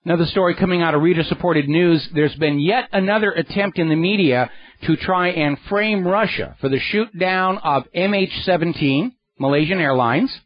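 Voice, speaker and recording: A man's voice: on the high side, moderate pace, no room sound. Sarcastic indignant male radio host. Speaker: radio talk show host. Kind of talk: political radio commentary monologue. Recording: dry, slightly dull radio studio sound.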